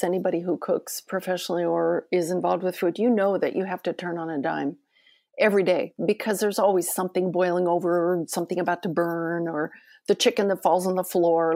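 A woman's voice: fairly low pitch, fairly even intonation, a little fast, dark tone, dry recording, studio quality. A woman talking as a podcast guest, chatty and effusive, with many fillers. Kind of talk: casual conversation.

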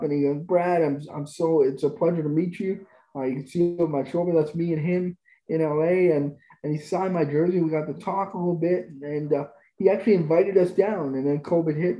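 Podcast guest, male, raised-pitch but very mellow dark tone, eager storyteller, roomy echo. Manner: enthusiastic, gushing about experiences. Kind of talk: conversational storytelling.

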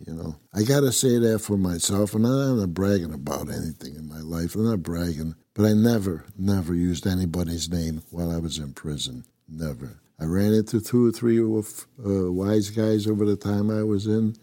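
A man's voice: deep voice, normal speed, few pauses, mellow, dry recording, studio quality. An older man from upstate New York, a former prison inmate telling his story in a blunt, rambling, constantly swearing way. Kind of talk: casual profane storytelling.

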